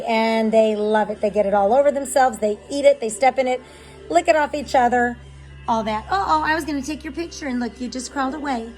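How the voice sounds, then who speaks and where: Woman dog breeder, casual explainer, fairly high voice, soft music bed underneath. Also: rough recording. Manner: chatty and explanatory, with filler ums. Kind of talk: casual vlog narration.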